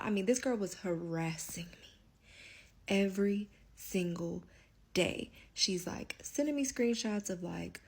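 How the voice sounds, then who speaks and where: A woman telling a long personal story in a casual, candid monologue, profane and rambling, filling nearly every pause with "like.". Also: mid-range voice, darkish tone, slightly rough. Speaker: storyteller vlogger.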